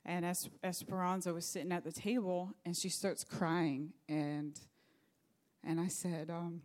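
A woman's voice: fairly low pitch, steady tone, a little slow, darkish tone. A middle-aged woman pastor preaching a sermon, telling a personal story in an earnest, faith-focused way.

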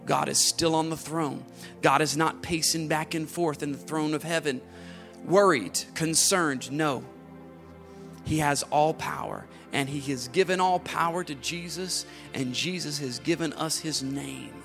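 Man preaching slow, high bright voice, hushed then fired up, repeats stuff, quiet music behind. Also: creaky. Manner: swells from hushed whispers to fervent near-shouting; repeats phrases with rising emphasis. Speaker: pastor. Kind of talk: sermon.

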